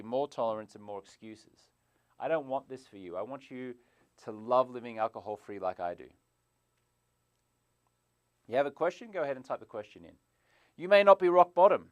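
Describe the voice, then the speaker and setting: A man hosting a live stream as a sobriety coach, animated, jumping from loud bursts to quiet asides, on a clip-on mic indoors. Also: medium pitch, no echo, lo-fi sound. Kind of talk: energetic live stream pitch. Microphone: clip-on lapel mic.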